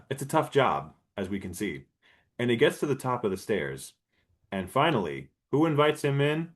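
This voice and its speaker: Podcast host, male, lowish voice; rambling, profane plot recap, frequent throat clearing. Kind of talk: casual comedic movie recap.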